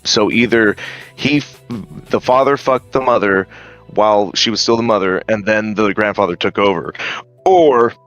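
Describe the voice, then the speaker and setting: A man's voice: on the low side, moderate pace, fairly bright tone, muffled recording, faint music behind. A man casually retelling a story, hesitant with many ums and some swearing. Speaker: streamer.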